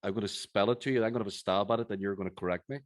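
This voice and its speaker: A Northern Irish man hosts a live conversation in a very low, deep voice. He talks in a chatty, halting way, often restarting his sentences. The sound is dry and close. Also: fairly even intonation, dry recording. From Northern Ireland. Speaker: host, interviewer.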